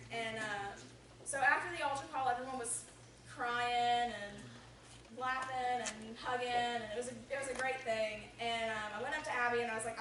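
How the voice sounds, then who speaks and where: Echoey, distant young woman telling a testimony. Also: a little high. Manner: casual, filler-heavy storytelling with many "like"s and "um"s. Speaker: person giving a faith testimony. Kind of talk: personal testimony talk. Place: church sanctuary. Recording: very echoey room, distant mic, noisy.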